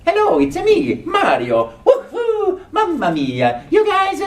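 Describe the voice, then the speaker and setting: Mario, squeaky and bouncy. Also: male voice, wildly swooping pitch, slow pace, slight background noise, heavily acted. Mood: gleeful. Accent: exaggerated Italian put-on. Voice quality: squeaky, sing-song exclamations. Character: jolly Italian plumber hero, cheerful and bouncy. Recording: echoey room with music.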